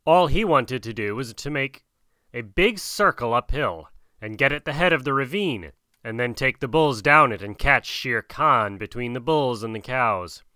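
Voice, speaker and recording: A man narrating a classic adventure story as an audiobook, steady and vivid. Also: medium pitch, normal speed, no room sound, studio quality. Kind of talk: audiobook reading of a classic tale.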